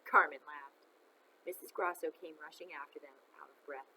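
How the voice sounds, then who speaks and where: A woman reads a children's novel aloud with expressive storytelling, pausing to chat with her listeners. Her voice is bright and crisp, with faint noise in the background. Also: low voice, rough recording. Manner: expressive, chats to listeners between chapters.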